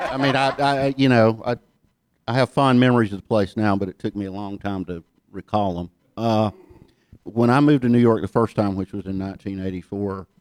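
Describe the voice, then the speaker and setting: A man with a Southern US accent, hosting an interview with relaxed storytelling. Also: lowish voice, no room sound. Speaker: host. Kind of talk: radio interview.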